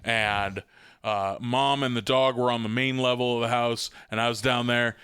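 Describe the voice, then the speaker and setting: A man's voice: mid-range voice, fairly even intonation, normal speed, a bit bright, clean tone, no room sound, studio quality. A man co-hosting a podcast, chatting casually and telling a story in a self-mocking, profane way, laughing often. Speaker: podcast co-host.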